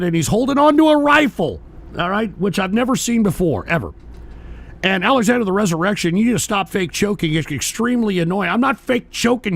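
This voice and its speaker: A middle-aged man hosts a live political stream from a home studio mic, swearing freely and snapping back at his chat. His voice sits high and gravelly, and his pitch swings wildly from line to line. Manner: profane, combative, ranting at chat commenters. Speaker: talk show host.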